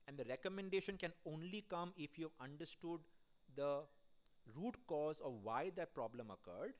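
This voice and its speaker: Casting: man, fairly high voice, talking to a conference hall, chatty, quizzes the crowd. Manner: conversational, addresses the audience directly with questions. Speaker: keynote speaker at an audit conference. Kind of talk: conference keynote speech.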